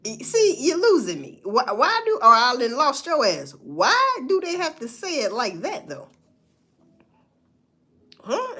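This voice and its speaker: Sassy, animated woman ranting. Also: on the high side. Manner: sassy, profane, rhetorical questioning. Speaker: vlogger. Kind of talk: casual commentary monologue.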